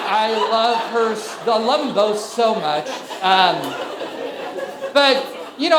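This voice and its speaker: A man in his thirties doing a stand-up comedy set, telling conversational, self-mocking stories on a club stage. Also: high-pitched. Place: club stage before a live audience. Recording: echoey venue with audience noise.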